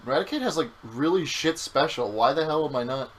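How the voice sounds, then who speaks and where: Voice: mid-range voice, expressive, normal speed, few pauses, poor audio. A young adult game streamer in casual gameplay chat, teasing and swearing often. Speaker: game streamer playing through the game.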